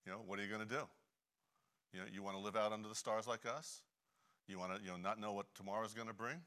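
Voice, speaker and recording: Deep-voiced man giving a chatty sermon. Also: fairly even intonation, quick pace, sharp tone. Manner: chatty, many "you know" fillers, frequent throat clearing. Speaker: Bible teacher. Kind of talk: conversational sermon with a personal story.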